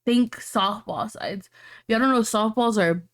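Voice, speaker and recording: Woman podcast co-host, slightly high-pitched, reads posts and reacts with loud, profane energy. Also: a little slow. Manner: brash, profane, animated reactions. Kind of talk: reading and reacting to online posts.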